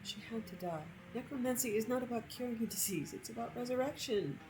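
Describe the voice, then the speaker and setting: A woman's voice: fairly high pitch, a little fast, over music, voice pushed up, natural voice, rough recording. A woman voicing a cheeky Breton man, a necromancer who speaks in an offhand, casual way.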